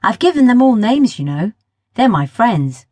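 A cheeky, grinning boy, put on by a woman reading a children's story, who teases with a lively, bouncing voice. The sound is close and dry, with a slightly husky edge. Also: on the high side, normal speed, no echo, voice pushed up. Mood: cheerful. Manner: playful, teasing. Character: cheeky red-haired boy, a bit older, mischievous.

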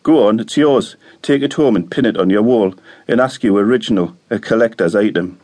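A man voicing a brooding, bitter teenage boy who talks in a low, coaxing, knowing drawl. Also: fairly quick, a little mellow, close to an everyday voice.

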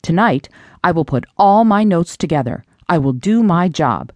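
A woman narrating a first-person audiobook in an expressive, animated reading. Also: fairly low pitch, normal speed, no room sound.

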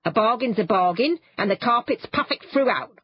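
A woman voicing an indignant, gruff carpet seller who blusters and shouts. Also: on the high side, lively intonation, moderate pace, dry recording, highs cut off, voice pushed up. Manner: blustering, loud, dropped-g slang.

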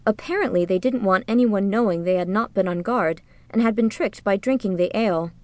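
In a mid-pitched, evenly measured voice, a woman reads a storybook aloud as an audiobook narrator doing scripted narration. Miked close, the recording is dry, with neither room sound nor echo.

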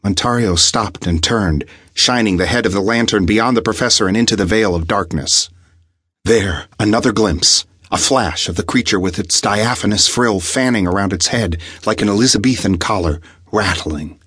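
Man reading an audiobook, deep husky voice, measured and suspenseful, dry close mic. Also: a bit bright, no room sound. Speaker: audiobook narrator. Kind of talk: scripted narration.

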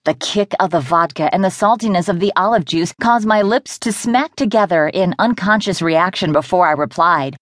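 A woman narrating a romance novel in the first person, in a measured, intimate way. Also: fairly low pitch, dry recording, clean studio sound. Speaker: audiobook narrator.

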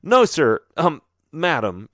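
A man's voice: on the high side, wildly swooping pitch, slow pace, a bit bright, dry recording, studio quality, pitched above the performer's own voice, exaggerated voice. A man doing an earnest ten-year-old boy. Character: ten-year-old dreamy schoolboy, timid but quick-witted.

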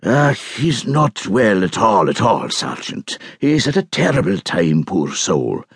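A man voicing an older island man who speaks slowly and mournfully. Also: lowish voice, big pitch swings, slightly rough, no echo, studio quality, full character voice. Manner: slow, mournful.

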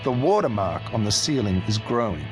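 A man narrating a literary novel as an audiobook in a steady, dry manner. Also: on the low side, normal speed, music in the background.

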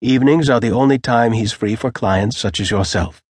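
A man voicing a calm, unbothered middle-aged female secretary in an audiobook, speaking in a composed, faintly derisive way. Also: medium pitch, normal speed, slightly rough, no room sound, studio quality, natural voice.

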